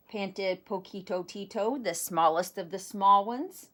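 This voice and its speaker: A woman reading a children's picture book aloud, animated, with self-deprecating asides. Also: mid-range voice, unhurried, hardly any pauses. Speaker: storybook reader.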